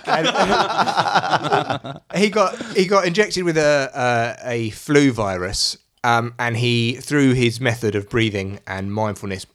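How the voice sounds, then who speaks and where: A male podcast host in casual chat, rambling through a story with lots of ums and easy swearing. His voice sits mid-pitch and unforced. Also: slow, fairly bright tone.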